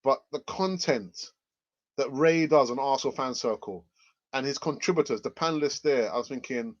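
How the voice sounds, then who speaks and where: A man's voice: medium pitch, normal speed. Man, fan channel host, casual repetitive chatter, a bit of a cough, muffled audio. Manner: rambling, repeats phrases, many fillers. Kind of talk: casual live chat reading comments.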